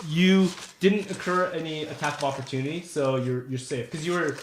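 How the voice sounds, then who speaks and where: A man's voice: a little high, fairly quick, a little hiss or hum. A man running a tabletop game as game master, narrating in a casual, loose way with fillers.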